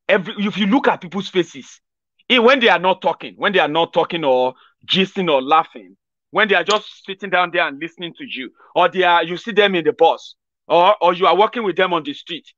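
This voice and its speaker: A man with a Nigerian accent giving a casual, animated commentary monologue and acting out other people's lines as he goes. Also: high-pitched, dry recording, dull audio. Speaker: political commentator.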